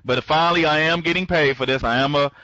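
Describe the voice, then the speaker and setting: Excitable rambling man on dull audio. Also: a little high, quick pace, dry recording. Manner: speeds up when excited; rambling, with many restarts, greeting listeners by name. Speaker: online program trainer. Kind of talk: live online training talk.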